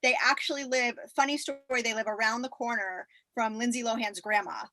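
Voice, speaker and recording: A woman guest from Florida telling wry, animated stories while recording from a closet at home. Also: a little high, fairly quick. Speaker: podcast guest. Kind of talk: casual chat.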